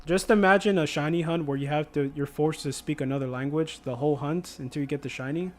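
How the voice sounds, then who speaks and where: A man's voice: on the high side, fast talker. A man streaming a video game, chatting casually and jokingly with viewers, laughing often. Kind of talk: casual livestream chat.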